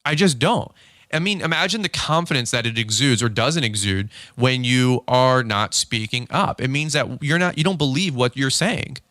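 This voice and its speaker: Fast-talking, energetic man hosting a podcast. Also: medium pitch, no echo, clean studio sound. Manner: fast-talking, excitable, acts out quick dialogue. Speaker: podcast host. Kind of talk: unscripted podcast monologue.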